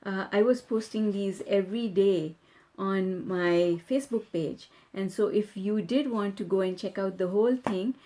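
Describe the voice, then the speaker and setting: A woman self-help author teaching in a calm, affirming way and reading passages aloud from her book. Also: medium pitch.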